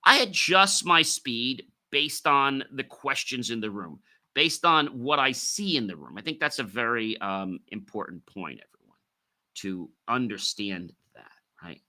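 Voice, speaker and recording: A middle-aged man hosts a solo podcast, his voice very bright and forceful. His pitch swings widely, and he leans hard on key words with sudden bursts of volume. He sounds like a coach giving practical advice. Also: measured pace. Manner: animated, emphatic, with sudden pitch and volume jumps. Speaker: podcast host. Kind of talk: solo podcast talk on speaking skills.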